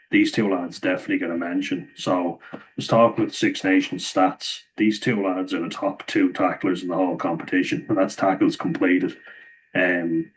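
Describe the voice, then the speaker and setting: A young Irish man talks through his rugby picks in a low, level voice that rarely rises or falls. He is chatty and opinionated, laughing as he goes, and his voice sounds a bit hoarse. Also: slight background noise, low-quality recording. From Ireland. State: slightly hoarse, losing voice. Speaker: rugby pundit vlogger. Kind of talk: casual rugby commentary.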